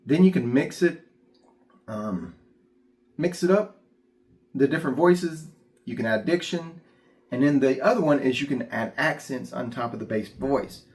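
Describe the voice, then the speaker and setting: A man's voice: medium pitch, lively intonation, measured pace, pauses often, a little mellow. A man teaching church puppeteers in a casual, plainspoken instructional talk. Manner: plainspoken, demonstrates voices.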